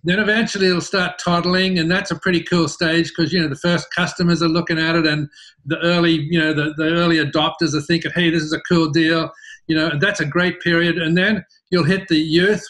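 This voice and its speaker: A middle-aged man with an Australian accent tells his business story in an interview, animated and often repeating words as he starts sentences. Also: a little high. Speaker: interview guest, business founder.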